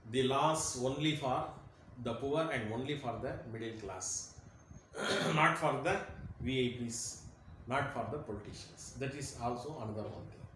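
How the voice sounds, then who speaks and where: A man's voice: mid-range voice, moderate pace, a bit bright. A man giving an emphatic lecture, repeating key phrases. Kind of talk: motivational lecture. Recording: very echoey room, faint noise.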